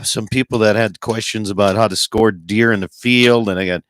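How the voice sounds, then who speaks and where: A man with a fairly low voice hosts an outdoors radio program from the Dakotas in a relaxed, folksy manner. He chats casually with his guest and looks after the broadcast setup as he goes. The sound is dry and close. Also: normal speed, dry recording. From Dakotas, United States. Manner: relaxed, folksy, runs the show's tech on air. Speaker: radio show host.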